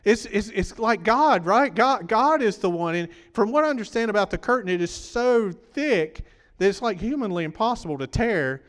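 A man's voice: high-pitched, animated, moderate pace, a bit bright, big-room sound. A man preaching a sermon, talking conversationally and quizzing the congregation, his voice worn from preaching.

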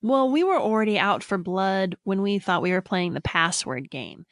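A woman's voice: mid-range voice, expressive, moderate pace, no echo, clean studio sound. A woman guest-hosting a podcast, playful and laughing through casual banter. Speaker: guest co-host. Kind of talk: casual chat.

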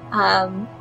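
A woman's voice: mid-range voice, vocal fry, a little mellow, rough recording. A woman in casual chat, animatedly retelling a story game and laughing often. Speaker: podcast co-host recapping a story game.

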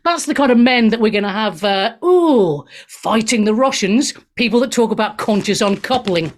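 Talk show host: woman, higher voice, sarcastic, mocking monologue. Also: brisk.

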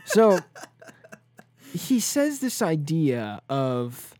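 A young man co-hosting a podcast, chatting casually and telling animated stories full of filler likes. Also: medium pitch, normal speed, no room sound. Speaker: podcast co-host. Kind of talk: casual chat.

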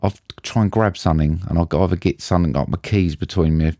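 A man's voice: deep voice, fast, warm tone, slight background noise. A man co-hosting a casual podcast chat, laid-back and jokey, with some swearing. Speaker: podcast co-host.

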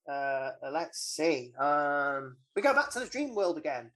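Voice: mid-range voice, big pitch swings, unhurried, fairly bright tone. Podcast co-host, casual recap chat, wry, rambling, lots of ums.

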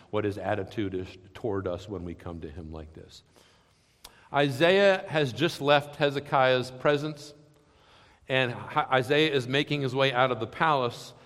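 A man pastor giving a sermon, earnest and questioning, often sinking to soft, low passages. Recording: long hall reverb.

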